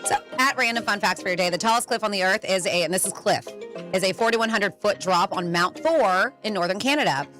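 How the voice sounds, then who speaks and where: A woman's voice: mid-range voice, a little fast, a bit bright, faint music behind. A woman co-hosting a radio show, reading out fun facts in a chatty, easygoing way from a radio studio. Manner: chatty, laughs easily, trailing restarts. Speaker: radio co-host.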